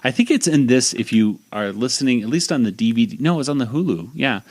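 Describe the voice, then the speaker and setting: Quick and animated, a medium-pitched male podcast host rambles through a casual recap of a cartoon episode, piling on fillers and restarts.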